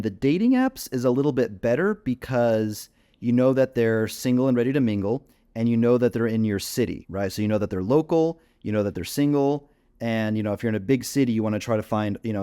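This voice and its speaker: Male dating coach, slightly low voice, loose filler-heavy delivery over a desktop mic. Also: a little mellow. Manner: casual, filler-heavy, talks while clicking through screens. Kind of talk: screen-share tutorial.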